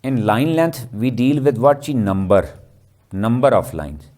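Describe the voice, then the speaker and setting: A man's voice: medium pitch, lively intonation, unhurried, darkish tone. A man giving a literature lecture, constantly asking the class rhetorical questions. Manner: keeps quizzing with rhetorical questions, tags "ji".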